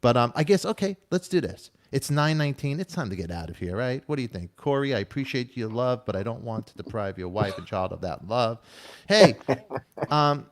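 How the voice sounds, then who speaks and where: An excitable man hosts a casual live-stream chat show. His voice swings widely in pitch, and he talks in quick bursts that stumble over repeated words. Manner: excitable, teasing, repeats himself. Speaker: talk show host.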